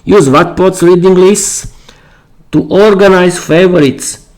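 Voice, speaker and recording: Hoarse man hosting a live stream. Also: high voice, darkish tone, rough recording. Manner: halting, repeats words and restarts. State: losing his voice, clearing his throat. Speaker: podcast host. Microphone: streaming mic.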